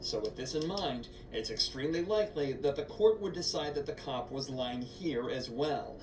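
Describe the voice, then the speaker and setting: A man's voice: medium pitch, expressive. Echoey man narrating a legal breakdown. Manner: explanatory, measured legal breakdown. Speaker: video narrator. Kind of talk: scripted narration. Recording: echoey distant voice-over with background hum.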